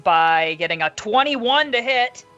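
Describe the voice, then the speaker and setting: A woman's voice: fairly high pitch, animated, unhurried, fairly bright tone, muffled recording, soft background music. A woman playing a tabletop game, teasing the others and narrating her character's actions. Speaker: player. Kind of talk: casual tabletop game play.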